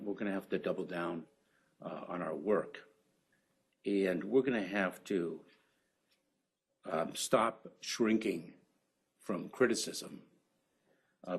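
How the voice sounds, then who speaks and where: A man with a very deep, slightly husky voice gives reflective opening remarks at a conference. He speaks slowly and haltingly, with frequent ums and uhs.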